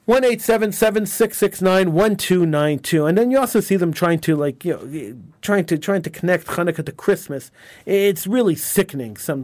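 A high-voiced man hosts a talk radio program, speaking with emphasis and indignation and frequently tripping over and repeating his words. His voice is a little mellow, captured dry and close with virtually no room sound.

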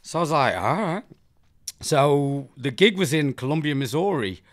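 English man, fairly high voice, lively pitch, profane animated storyteller, casual podcast chat. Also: normal speed, no echo, clean studio sound. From England. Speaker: comedian co-host.

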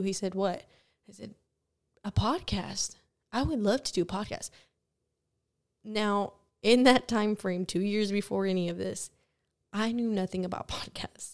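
A young woman hosting a Christian podcast, telling her personal testimony in an earnest, animated way with frequent laughs. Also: medium pitch. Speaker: podcast host.

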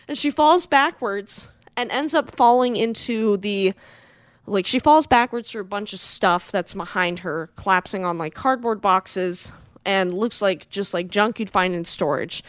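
A woman co-hosting a podcast, retelling a movie in lively casual chat and acting out the characters. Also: mid-range voice, unhurried, no echo. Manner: animated retelling, acts out characters, swears freely. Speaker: podcast co-host. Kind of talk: casual film recap.

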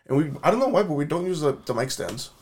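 A man's voice: fairly high pitch, sing-song, quick pace, a little mellow, slightly rough. A man co-hosting a sports podcast, chatting casually and rambling with lots of filler words and jokes. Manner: rambling, many "like" fillers, joking. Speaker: podcast co-host. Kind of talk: casual banter.

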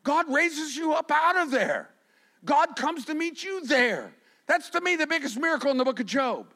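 A middle-aged male pastor preaching a sermon with passion, dropping to a hush and then rising to shouts. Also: extremely high pitch, animated, moderate pace. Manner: impassioned, swinging from hushed to shouting.

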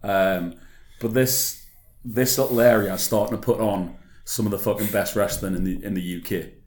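A man's voice: lowish voice, fairly even intonation, moderate pace, a little mellow, echoey room. Sweary laid-back man. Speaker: podcast co-host. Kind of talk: casual chat about wrestling.

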